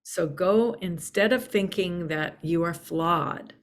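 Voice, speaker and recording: A woman's voice: fairly low pitch, slow, hardly any pauses. A woman hosting an inspirational spiritual talk, speaking earnestly and soothingly and repeating key phrases for emphasis. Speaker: spiritual channel host.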